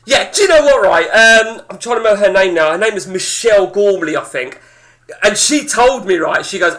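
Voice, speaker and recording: A man's voice: sits high, animated, fairly quick, pushed and bright. A man, telling a rambling, sweary story to his chat as a game streamer.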